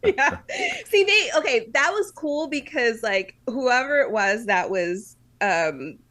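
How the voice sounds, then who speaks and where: On the high side with lively intonation, this woman's voice is bright and forceful yet slow-paced, heard on a rough recording. Co-hosting a podcast, she chats loosely and casually, laughing frequently and filling her speech with fillers.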